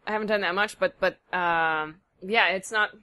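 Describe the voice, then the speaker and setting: A comedian woman on a podcast, lively, mimicking voices as she tells stories. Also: mid-range voice, normal speed. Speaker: comedian guest. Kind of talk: casual comedy chat.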